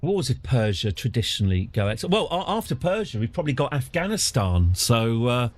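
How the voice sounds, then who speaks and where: A man's voice: medium pitch, sing-song, fairly quick. A middle-aged man giving casual, wry, self-deprecating commentary as he hosts a live stream of a strategy game. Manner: chatty, wry, self-deprecating, with frequent fillers. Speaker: streamer, host of the channel.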